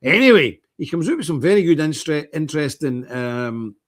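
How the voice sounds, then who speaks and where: A man's voice: on the high side, big pitch swings, normal speed. A man, hosting a livestream, chatting in a proud, emphatic way. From Northern Ireland. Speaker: livestream host. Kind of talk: casual commentary. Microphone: streaming mic.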